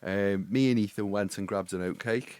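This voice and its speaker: A man, chatting on a podcast and joking his way through stories. His voice sits a little low and sounds close and dry, with no room around it. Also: steady tone, moderate pace, darkish tone, clean tone, no echo. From England. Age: 40s. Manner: jokey, storytelling, breaks into song. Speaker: podcast co-host. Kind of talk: casual chat.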